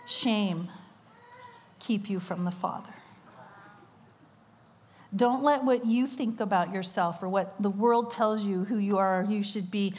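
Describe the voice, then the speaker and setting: Her voice is mid-range and darkish, with a breathy edge. A middle-aged woman, she gives a sermon as a conference speaker in a church or conference hall, narrating a story with quoted voices and asides where she laughs.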